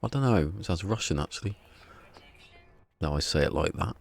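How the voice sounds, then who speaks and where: A man with a very deep, gravelly voice talks through a live game stream. His chat is rambling and wry, and he keeps slipping into mumbled asides to himself, with creak running through the low end. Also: expressive, quick pace.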